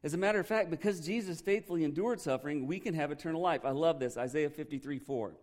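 A man's voice: fairly high pitch, fast talker, a little mellow. A man preaching a sermon as pastor in a loose, conversational way, joking and asking the congregation questions.

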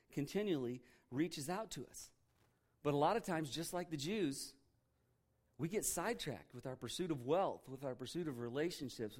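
A man's voice: mid-range voice, darkish tone. A middle-aged man preaching a sermon in a casual, conversational way, often asking the congregation rhetorical questions. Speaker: pastor.

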